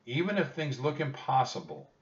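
A man's voice: medium pitch, very animated, normal speed, pitched above the performer's own voice, close to an everyday voice. A man voicing an earnest, brave young boy, speaking raised and earnest, heard as a dull, distant recording.

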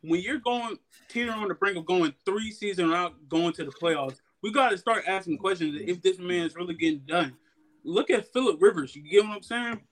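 A man's voice: high voice, brisk, a bit bright. A man, a guest on a sports talk show, building an emphatic argument. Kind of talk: casual sports debate.

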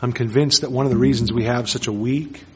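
A man preaching a sermon as pastor, earnest, moving between hushed and emphatic lines. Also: medium pitch, steady tone, a little fast. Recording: dull lo-fi sermon recording.

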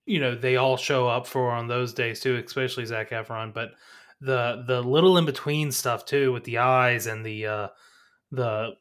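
A man's voice: mid-range voice, normal speed, a bit bright. A man co-hosting a movie podcast, talking in casual review chat and rambling through many restarts. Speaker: podcast co-host.

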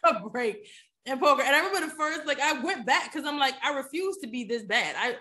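A woman with a somewhat high voice talks through a personal story as a podcast guest. She is chatty and animated, and keeps turning to her listener with little check-ins. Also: a little fast. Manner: animated, chatty, keeps asking "you know what I'm saying?". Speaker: podcast guest, poker player. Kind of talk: casual storytelling in an interview.

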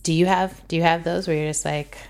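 A woman's voice: on the low side, fairly even intonation, fairly quick, darkish tone, clear, resonant tone. A woman hosting a conversation, thoughtful and asking probing reflective questions.

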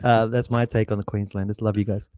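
A man's voice: on the low side, little pitch movement, quick pace, darkish tone, dry recording. A middle-aged Australian man hosting a casual podcast, rambling with restarts and laughing often. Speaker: podcast host.

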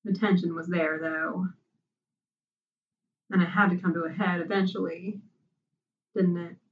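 A woman narrating a story aloud in an unhurried, soft-spoken way. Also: on the low side, fairly even intonation, a little hiss or hum. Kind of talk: storybook reading. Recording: dull, distant sound.

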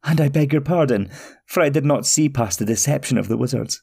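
A man's voice: mid-range voice, fairly quick, vocal fry, a little mellow, breathy edge. A man voicing a humble, polite little man in a storybook, speaking in old-fashioned courtesy. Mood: sheepish.

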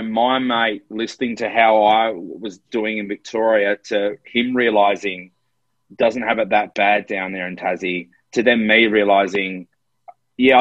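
A man's voice: on the low side, fairly bright tone, no echo, lo-fi sound. An Australian man co-hosting a podcast, telling a personal story in an earnest, emotional way. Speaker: podcast co-host. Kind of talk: casual chat. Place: Melbourne, in lockdown.

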